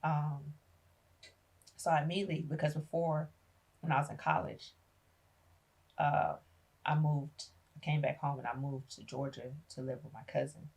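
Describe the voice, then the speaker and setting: A low-voiced woman with a husky grain tells her life story as a podcast guest. She is middle-aged, talks with feeling and slips into the voices of the people in her tale. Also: normal speed, pauses often. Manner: animated retelling, acting out family members' voices. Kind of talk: emotional personal storytelling.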